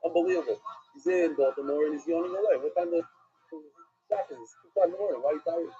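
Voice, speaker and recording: A man, a rabbi, giving an animated Talmud class lecture, asking and answering questions with emphasis. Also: on the high side, fast talker. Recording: dull lo-fi recording with faint music.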